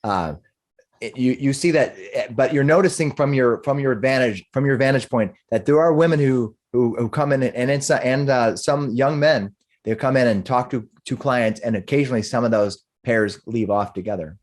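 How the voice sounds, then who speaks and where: A man's voice: mid-range voice, normal speed. A man narrating as game master of a tabletop game, rambling and restarting as he goes.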